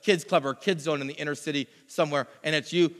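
Bright and lively, the pastor's high voice moves fast through a sermon that includes a personal story. Each phrase echoes with a long hall reverb as he animatedly mimics other people.

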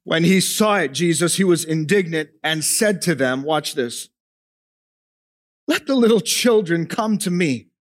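High-voiced man preaching a sermon. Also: expressive, unhurried. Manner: emphatic preaching, swinging between raised and hushed delivery; asks the congregation questions. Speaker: pastor.

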